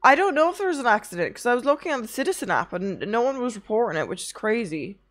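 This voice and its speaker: A woman's voice: on the high side, sing-song, fast. A young woman streaming, chatting casually with her chat, tired from little sleep, rambling through anecdotes and swearing often.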